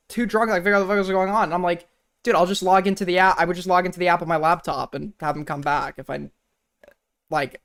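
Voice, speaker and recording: A man's voice: high-pitched, a bit bright. A man streaming and reacting to clips, talking in a sarcastic, rambling, profane way. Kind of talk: casual stream commentary.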